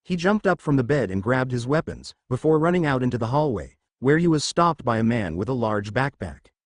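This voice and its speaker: A man narrating a fan fiction story in a steady storytelling voice. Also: mid-range voice, brisk, dry recording.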